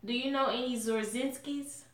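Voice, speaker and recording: A woman's voice: a little high, fairly even intonation, normal speed, echoey room. A woman from Alabama with a Southern accent, chatting casually and outspokenly to her viewers while eating. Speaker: mukbang vlogger.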